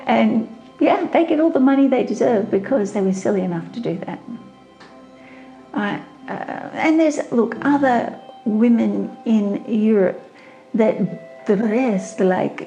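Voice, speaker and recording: An older woman with a mellow, warm voice lectures bluntly on witchcraft. She talks straight and keeps asking "right?" to pull her students along. Faint music plays under her lesson. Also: mid-range voice, unhurried, highs cut off. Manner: blunt and outspoken, with frequent "right?" check-ins. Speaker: witchcraft teacher. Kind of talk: spoken lesson to camera.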